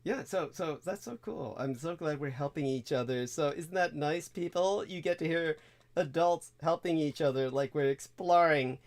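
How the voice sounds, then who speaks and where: A man's voice: a little high, normal speed. A man hosting a casual chat, rambling with lots of fillers. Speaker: host.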